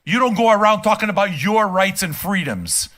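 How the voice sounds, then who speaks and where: A man's voice: high voice, expressive, moderate pace, sharp tone. An older man streaming a reaction and ranting casually from his room, profane, emphatic and heated. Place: home room.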